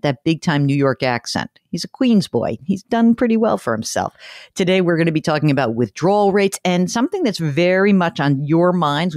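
A woman hosting a money talk show, brisk and chatty with a teasing edge as she introduces and questions her guest. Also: low-pitched, darkish tone, no echo, clean studio sound. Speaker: radio show host. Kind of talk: finance talk show interview.

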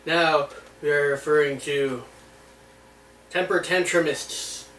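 Joking son rambling in an echoey kitchen. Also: male voice, fairly high pitch, fairly even intonation, slow, fairly bright tone. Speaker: son in a family vlog. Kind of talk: casual family banter. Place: home kitchen. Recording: echoey room, distant voice, faint hum.

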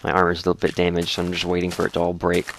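Brief: man, dry throat, deep voice, relaxed rambling let's-play host. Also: very fast, noisy background. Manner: rambling, relaxed, narrates as he plays. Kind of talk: casual gaming commentary.

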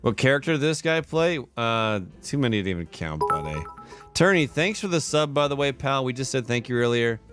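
A man rattles off thanks to his viewers in a loose, chatty live-stream voice, worn out yet cheerful and quick to laugh. His pitch sits in an ordinary middle range for a man. Faint music plays low behind him. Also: animated. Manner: chatty and upbeat, laughs often. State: tired. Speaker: livestreamer. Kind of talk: casual live-stream chat, thanking subscribers. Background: faint background music.

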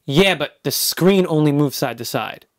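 A man's voice: fairly high pitch, lively intonation, normal speed, no echo, clean studio sound. A man co-hosting a podcast in casual, teasing banter, often restarting his words. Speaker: podcast co-host.

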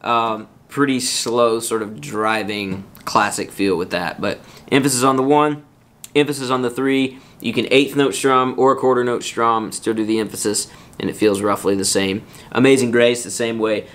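A man giving a casual worship guitar lesson, counting beats out loud over his strumming. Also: mid-range voice, steady tone, moderate pace. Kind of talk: relaxed guitar lesson with sung examples. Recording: loud acoustic guitar under the voice. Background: acoustic guitar playing.

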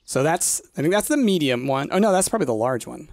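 A man's voice: fairly high pitch, fast talker, no echo. A man casually chatting and joking while streaming a cozy game with a friend, laughing often. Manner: animated, laughs often, jokey. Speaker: let's play streamer. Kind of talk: casual co-op gaming chat.

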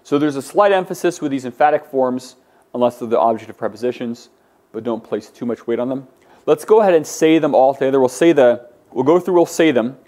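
A man's voice: medium pitch, lively intonation, a little fast, darkish tone. A man teaching a class, patiently explaining forms and drilling his students to say words aloud. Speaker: Greek teacher. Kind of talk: classroom lecture.

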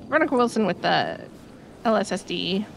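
A woman's voice: mid-range voice, very animated, brisk, gravelly. A woman playing a sheriff's department officer on a role-play phone call, hesitant and apologetic with many fillers. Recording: game car noise behind.

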